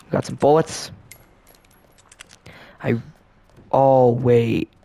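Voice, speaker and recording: Laid-back gravelly gamer man. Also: mid-range voice, steady tone, drawn-out words, mellow. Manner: rambling, filler-heavy, laid-back. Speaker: gaming channel host. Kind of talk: casual let's play commentary.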